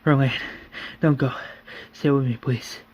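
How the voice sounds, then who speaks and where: A man's voice: medium pitch, fairly even intonation, a little slow, darkish tone, dull audio, slight background noise, lightly acted. A man voicing a frightened, pregnant young woman in labor who swears in panic. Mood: pleading.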